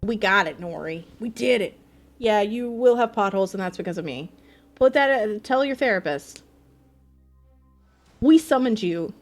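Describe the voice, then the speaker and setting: A woman streaming a game live, chatting in a bubbly, excitable way with her viewers. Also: mid-range voice, moderate pace, long pauses, soft background music. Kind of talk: casual live-stream chat.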